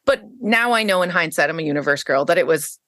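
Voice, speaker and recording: A woman guest on a podcast tells a personal story in an unscripted, chatty way. Her voice sits a bit low, and she jumps higher when she acts out what people said. The sound is dry and close to the mic. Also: fast, dry recording. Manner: animated storyteller, acts out quoted lines in a raised pitch; frequent fillers and restarts. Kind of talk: casual storytelling interview.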